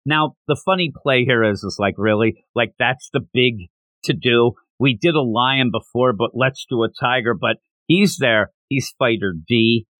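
A man's voice: medium pitch, normal speed, dry recording. A man hosting a casual manga review podcast, retelling scenes with energy and acting out the characters' lines. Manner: animated, acts out characters while retelling. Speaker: podcast host.

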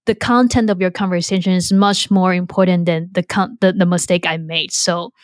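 A woman's voice: lowish voice, fairly even intonation, normal speed, no echo. Woman podcast host, chinese first language, chatty and candid, lots of likes, dry close sound. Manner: candid, self-deprecating, many fillers and restarts. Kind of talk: casual podcast conversation.

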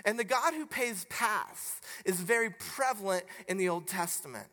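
A preacher giving a sermon, telling a personal story in an animated way that grows loud and emphatic. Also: mid-range voice, normal speed, long reverb tail.

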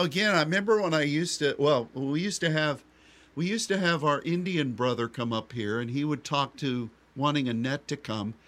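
A man's voice: mid-range voice, fairly bright tone. A man co-hosting a radio show in a casual, rambling chat, joking often and restarting his sentences. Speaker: radio co-host.

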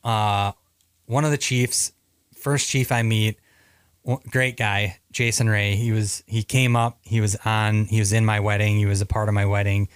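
A man's voice: on the low side, little pitch movement, moderate pace, smooth, dry recording, studio quality. A man from Minnesota, a Navy veteran guest, telling stories casually with many fillers and restarts. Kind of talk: casual storytelling interview.

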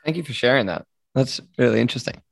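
A man interviewing a guest, asking long questions in a halting way and rephrasing them as he goes. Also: medium pitch, animated, vocal fry, slight background noise.

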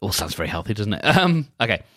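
A man with a slightly low voice hosts a solo podcast and guides listeners through a quiet check-in. He talks gently and haltingly, often restarting his sentences. The sound is dry and close, with no room around it. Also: big pitch swings, no room sound. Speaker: podcast host.

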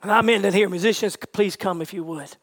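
High-voiced man preaching a sermon. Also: fairly quick. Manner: swings from hushed near-whispers to shouted peaks.

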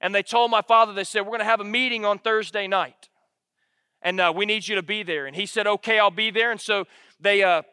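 A man preaching with a high, ringing voice. He speaks earnestly and repeats his key lines for weight. The mic is close and dry, but a long hall reverb trails behind each phrase. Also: steady tone, a little fast, pushed and bright, clear, resonant tone. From Alabama, United States. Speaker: pastor. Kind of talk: sermon.

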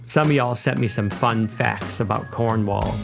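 A man's voice: lowish voice, a little slow, creaky, over music. A man with a Midwestern accent hosting a podcast in a casual, jokey, self-deprecating monologue. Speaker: podcast host.

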